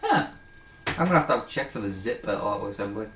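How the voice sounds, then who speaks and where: A man's voice: lowish voice, big pitch swings, quick pace. A man co-hosting a podcast, reading listener answers with many ums and a wry tone. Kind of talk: casual banter. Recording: roomy with faint noise.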